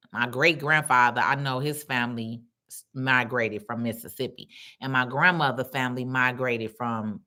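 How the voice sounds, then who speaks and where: A middle-aged woman, hosting a casual livestream and chatting through viewer comments. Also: extremely low pitch. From Chicago. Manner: chatty, animated, reads comments aloud. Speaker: livestream host.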